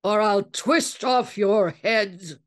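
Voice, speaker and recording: Woman reading gruff older father, bellowing, indignant, slow and heavy, storybook. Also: deep voice, expressive, darkish tone. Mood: threatening. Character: stern older father, self-righteous, bellowing.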